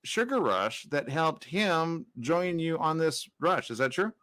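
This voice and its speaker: A male show host in a casual interview, playful and jokey. He bounces between quips and questions with lively energy. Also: a little high, unhurried.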